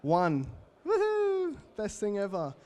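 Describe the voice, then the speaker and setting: An Australian man in his twenties delivers a motivational talk on stage. His voice sits a little higher than most men's. He tells stories with energy and speaks straight to the room. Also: normal speed. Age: 20s. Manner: energetic, storytelling, addresses the crowd directly. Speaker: keynote speaker. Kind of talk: motivational talk to a live audience.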